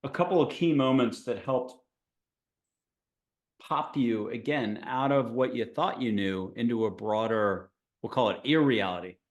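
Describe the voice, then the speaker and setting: A man's voice: mid-range voice, measured pace, lo-fi sound. A man hosting an interview podcast, reflective and playful as he asks questions. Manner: reflective, playful, laughs along. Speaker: podcast host. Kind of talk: casual interview chat.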